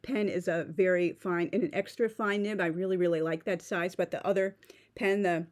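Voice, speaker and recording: Woman vlogger, slightly low voice; chatty, gushing, a bit nervous, lots of fillers. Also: fairly even intonation. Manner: talks fast, a little nervous on camera; gushing, enthusiastic. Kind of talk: casual unboxing vlog.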